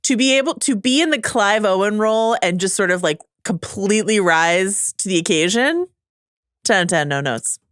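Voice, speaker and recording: A woman co-hosting a casual pop-culture podcast, making wry jokes and quick asides. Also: mid-range voice, animated, a bit bright, clean tone, no echo, studio quality. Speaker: podcast co-host.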